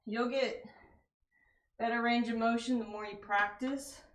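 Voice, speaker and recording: A woman's voice: fairly high pitch, steady tone, unhurried, fairly bright tone, echoey room. A woman leading a live workout class, counting reps and giving casual, encouraging form tips while out of breath. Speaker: fitness coach.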